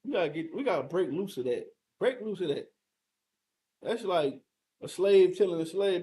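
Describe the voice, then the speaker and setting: A man with a notably high voice teaches a heated breakdown of scripture, speaking emphatically and confrontationally. He presses listeners with rhetorical questions and the odd curse, his intonation lively, his pace moderate, and his tone warm, with frequent pauses.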